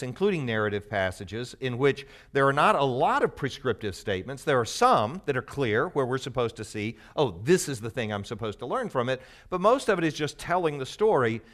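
A man leads a Bible teaching for a live group in a loose, conversational way. His pitch sits in an ordinary middle range for a man. He explains patiently and teases his listeners now and then. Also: fairly bright tone. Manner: conversational and explanatory, teasing the audience.

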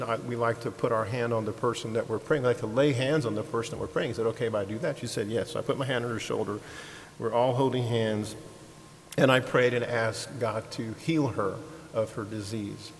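A man telling a ministry story to a congregation, animated, acting out the people he quotes, with frequent restarts and repeated words. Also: medium pitch. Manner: animated, acts out quoted voices, laughs easily. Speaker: ministry leader. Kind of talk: sermon-style storytelling. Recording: long hall reverb, faint hiss.

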